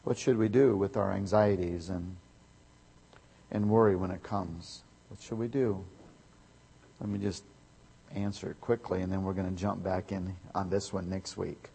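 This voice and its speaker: A man preaching a sermon, emphatic, swinging from loud to quiet. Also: sits low, steady tone, moderate pace, vocal fry, long pauses, a little hiss or hum. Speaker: pastor. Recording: echoey hall with long reverb.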